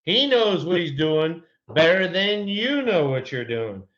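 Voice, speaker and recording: Male ex-ballplayer podcast co-host, raised pitch, heated profane storyteller, muffled lo-fi sound. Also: big pitch swings, measured pace. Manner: heated, profane, acts out his own shouting. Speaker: podcast co-host, former baseball player. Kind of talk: casual sports storytelling.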